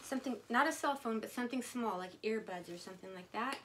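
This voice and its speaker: A woman vlogger chatting casually to her viewers as she unboxes items, gushing and excitable. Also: mid-range voice, a little fast, few pauses, slight background noise.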